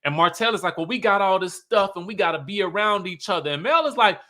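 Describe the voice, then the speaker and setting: A man's voice: sits high, lively intonation, quick pace, few pauses, pushed and bright. A man giving a casual, sassy reality-TV recap, laughing often and quoting the cast. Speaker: show recap commentator.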